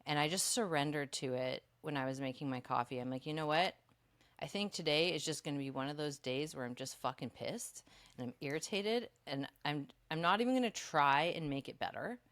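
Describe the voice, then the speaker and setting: Low-voiced, foul-mouthed woman podcast host. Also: brisk, a bit bright. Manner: swears freely, rambling with many likes. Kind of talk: casual podcast chat.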